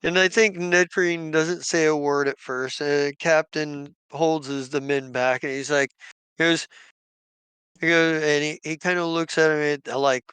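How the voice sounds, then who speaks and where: A man's voice: on the high side, fairly even intonation, measured pace, fairly bright tone, clear, resonant tone, no echo. A man narrating as game master of a tabletop game, rambling with many restarts.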